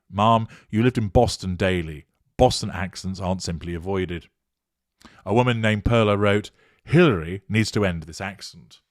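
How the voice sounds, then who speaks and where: Male commentator: low, animated delivery, dry close recording, measured and emphatic. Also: dry recording. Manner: measured, emphatic, formal wording. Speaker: commentator on narcissism. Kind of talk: monologue commentary reading from an article.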